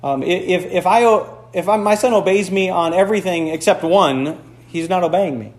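Speaking at a moderate pace in a high-set voice, a pastor from Michigan's Upper Peninsula gives a conversational, playfully digressive sermon. The church recording has a roomy sound.

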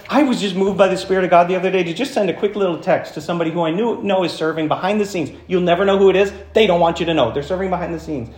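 A man preaching a sermon as pastor, animated, swinging from hushed passages to loud, high-pitched points. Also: racing, hardly any pauses, reverberant. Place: church.

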